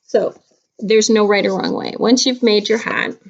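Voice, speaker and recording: A middle-aged woman teaches young children a craft, chatty and playful, talking right to them. Her voice has a strong gravelly fry. The sound is dull and lo-fi, like a home video. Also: mid-range voice, fairly even intonation, measured pace. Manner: chatty, playful, talks straight to kids. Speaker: kindergarten teacher.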